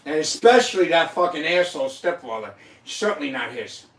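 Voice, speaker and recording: A man's voice: on the high side, big pitch swings, fairly quick, a bit bright. A man hosting a casual chat, emotional, profane and insistently repeating himself. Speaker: host. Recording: echoey room, mic at a distance.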